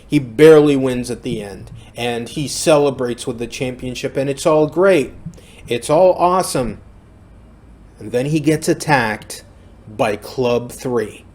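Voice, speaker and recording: A man's voice: medium pitch, a little mellow. Rambling man talking wrestling booking. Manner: rambling, frequent restarts and fillers. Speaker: fantasy booking commentator. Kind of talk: casual solo commentary.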